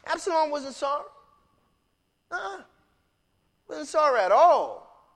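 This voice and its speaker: A man preaching a fiery sermon. His voice sits high and swoops through a wide range. He builds to loud cries, then drops to low, quiet lines. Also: slow pace. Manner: animated preaching, rising to shouts and dropping low. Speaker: pastor.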